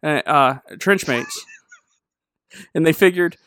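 A man hosting a comedy show, chatting and telling jokes in a playful, animated way. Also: sits high, moderate pace, clean tone, no room sound, clean studio sound. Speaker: podcast host. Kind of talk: comedic chat and joke telling.

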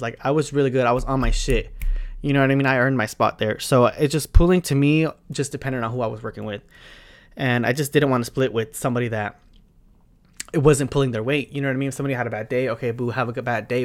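A young man who works as a bartender gives advice in a casual monologue. He talks frankly and chattily, swears freely, and keeps adding asides. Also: medium pitch.

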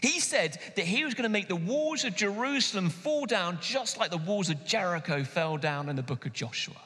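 Male pastor, bright higher voice, animated emphatic sermon, long hall reverb. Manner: animated, emphatic preaching with sudden pauses and slowdowns. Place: church hall.

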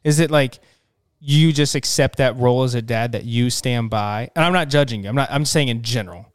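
A young man co-hosting a podcast, playful and quick to laugh, steering the chat with questions. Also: mid-range voice, smooth, no echo. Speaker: podcast co-host.

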